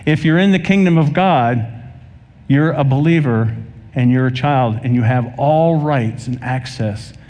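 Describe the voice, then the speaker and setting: A man's voice: medium pitch, measured pace. Preaching man in a reverberant hall. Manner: animated preaching, acts out dialogue in anecdotes. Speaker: pastor. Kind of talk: sermon.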